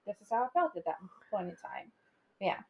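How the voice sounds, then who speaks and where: A woman's voice: mid-range voice, sing-song, fairly quick, slightly rough, narrow, tinny audio. A young woman co-hosting a casual chat podcast, rambling through a personal story with lots of filler words. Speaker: podcast co-host.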